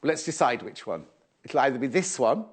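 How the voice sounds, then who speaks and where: A man's voice: medium pitch, sing-song, a little fast, husky. A middle-aged man presenting a live sewing shopping show in a TV studio, chatting away, fussing aloud over fabrics and reading out viewer messages. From England.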